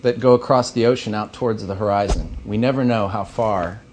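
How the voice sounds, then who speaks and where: A man in his thirties from Missouri, USA, speaks a little fast in a fairly low, slightly mellow voice, with faint background noise. Delivering the keynote at an awards banquet in a banquet hall, he is earnest, anecdotal, and lightly funny.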